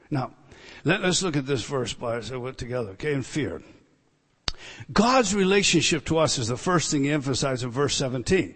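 A high-pitched man preaches with heavy emphasis, punching key words and then sinking into hushed asides. His voice rings through a large hall with a long reverb tail. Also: lively intonation, normal speed. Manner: emphatic, drops to quiet asides. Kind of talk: expository sermon.

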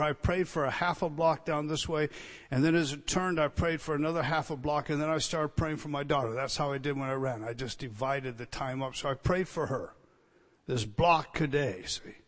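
A man preaching a sermon, swinging between loud emphatic teaching and quiet storytelling. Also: fairly high pitch. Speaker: pastor. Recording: long reverb hall.

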